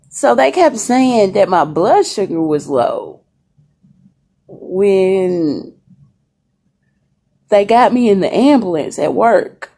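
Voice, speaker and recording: A woman's voice: fairly low pitch, creaky, darkish tone. A young woman chatting casually to viewers from a hospital room on a phone camera, saying y'all and greeting commenters. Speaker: vlogger.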